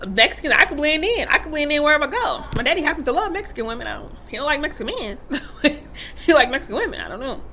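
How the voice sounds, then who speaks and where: A woman's voice: high-pitched, big pitch swings, fast, sharp tone, a little hiss or hum. A woman in her thirties talking candidly to the camera, emphatic and acting out quotes as she tells stories about parenting. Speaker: vlogger and mother. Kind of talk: casual talk to camera.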